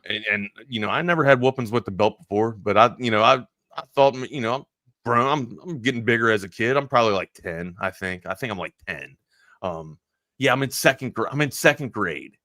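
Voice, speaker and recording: A man hosting a sports talk show, telling a long personal story in a rambling, animated way full of restarts. He is from Maryland. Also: on the low side, a little fast, no echo, clean studio sound. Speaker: sports talk radio host.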